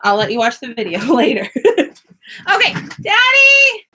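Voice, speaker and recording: A woman's voice: fairly high pitch, quick pace, slightly rough. A young woman, a mother and online teacher, filming a casual home vlog in her home classroom, coaxing and firm with her small children. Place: home classroom room indoors.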